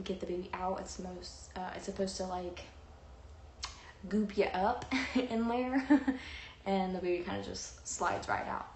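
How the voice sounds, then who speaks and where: A young woman sits and tells a personal story to the camera in a loose, rambling way, full of fillers and quoted lines. Her pitch sits in a middle range. The room adds a noticeable echo, with a faint hiss of noise behind her. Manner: rambling, animated, with many fillers and acted-out quotes. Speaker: vlogger. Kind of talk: chatty storytelling.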